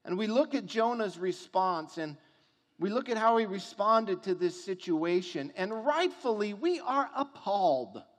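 A pastor delivers a sermon in a high voice, pacing his words slowly and deliberately. He tells the story with rhetorical questions and builds to emphatic points. A long reverb from the church hall trails behind him. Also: big pitch swings.

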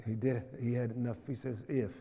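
A man's voice: mid-range voice, lively intonation, normal speed, in a large hall. A man leading a Bible study in church, moving from plain talk to fervent preaching, often asking the room questions and repeating phrases. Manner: builds from conversational to fervent preaching. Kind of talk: church teaching with call and response.

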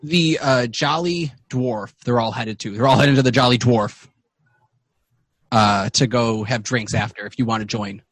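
A man runs a tabletop game, describing scenes in a mid-pitched voice. He hesitates often, searches for words and trails off. The recording is dry, with no room sound. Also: a bit bright, dry recording. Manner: halting, many fillers, trails off. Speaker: game master.

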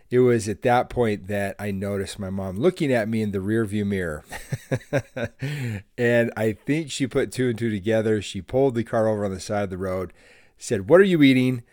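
Man, podcast host, earnest friendly storytelling, fairly low voice, dry close sound. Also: darkish tone, no echo. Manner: earnest and friendly, laughs while telling stories.

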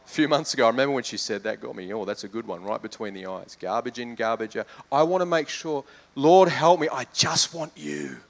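A man's voice: medium pitch, animated, fast, creaky, hardly any pauses. A man, a pastor with children, preaching a sermon in a conversational way that builds to fervent emphasis. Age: adult with children.

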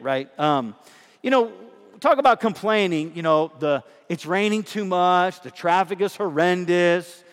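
Pastor, middle-aged man, chatty sermon delivery with questions to the church, higher voice, hall reverb. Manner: conversational preaching with rhetorical questions to the congregation.

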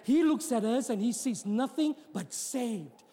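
A man's voice: very high voice, expressive, unhurried, mellow. A man preaching a sermon in a church, joking with the congregation and often repeating his words. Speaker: pastor. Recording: long hall reverb.

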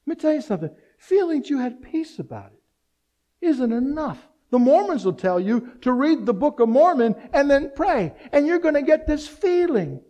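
Middle-aged male pastor with a high voice, preaching with energy and humor. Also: normal speed. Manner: animated preaching with rhetorical questions and humor. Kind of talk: sermon.

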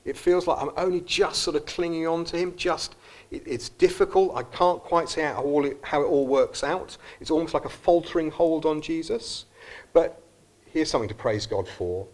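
A man's voice: fairly high pitch, moderate pace. A man preaching a sermon at a church service, earnest and reflective, sometimes restarting his phrases.

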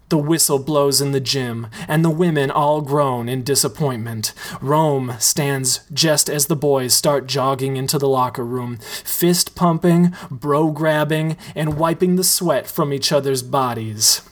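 Guy reading a silly story deadpan, really slow. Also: medium pitch. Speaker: narrator.

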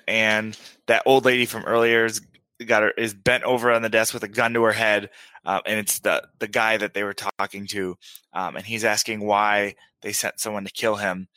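A man's voice: fairly low pitch, bright, forceful tone, no room sound. A man co-hosting a casual podcast, recapping at length with lots of fillers and laughter. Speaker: podcast co-host. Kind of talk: casual chat.

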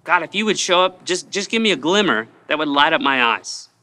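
A man's voice: on the high side, lively intonation, fairly quick, sharp tone. A man preaching a midweek sermon as pastor, earnest and repeating phrases for emphasis.

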